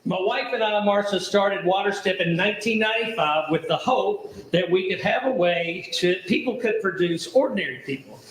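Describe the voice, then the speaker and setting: A man's voice: high-pitched, normal speed, hardly any pauses, fairly bright tone, reverberant, slight background noise, rough recording. A middle-aged man from the American South, a charity founder giving an enthusiastic, folksy welcome speech at an event. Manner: enthusiastic, folksy, rhetorical questions.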